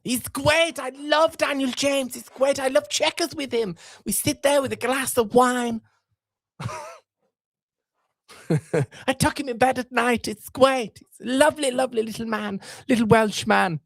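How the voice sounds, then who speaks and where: A man putting on a doting, high-voiced admirer who gushes in a fawning, sing-song way. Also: steady tone, measured pace, creaky, fairly bright tone, no room sound, studio quality, heavily acted.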